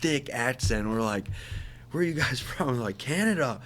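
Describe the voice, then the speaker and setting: A man with a bright, forward voice tells a rambling story in casual podcast chat. He laughs often, swears freely and acts out the lines of the people in it, over a faint background hum. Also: mid-range voice, expressive, normal speed. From United States. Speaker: podcast co-host.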